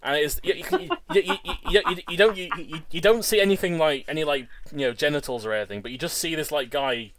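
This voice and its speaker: A man hosting a game video, giving casual, excitable commentary that stumbles over repeated words and restarts. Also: a little high, fast, hardly any pauses. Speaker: Let's Play host.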